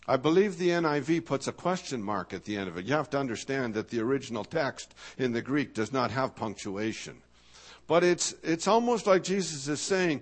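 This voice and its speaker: A man preaching a sermon in a thoughtful, searching way, slowing down to stress key words and asking rhetorical questions. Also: a little high, expressive. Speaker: pastor.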